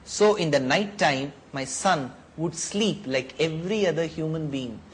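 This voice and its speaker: A man's voice: fairly high pitch, unhurried, lightly acted, rough recording. A man voicing a worried elderly king who pleads anxiously on behalf of his son. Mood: pleading.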